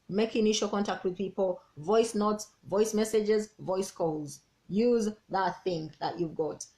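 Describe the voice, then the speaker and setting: A woman, a business coach giving an energetic, persuasive team training talk and repeating key words. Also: mid-range voice.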